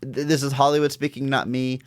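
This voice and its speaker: A man's voice: mid-range voice, level tone, a little fast, no room sound, clean studio sound. A man co-hosting a podcast, chatting casually and enthusiastically about a film, laughing often. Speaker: podcast co-host.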